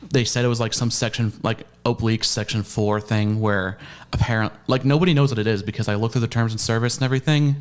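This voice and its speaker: A man appearing as a guest, explaining his spending in a hesitant, rambling way. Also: fairly low pitch. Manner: rambling, hesitant, many fillers and restarts. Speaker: guest with debts.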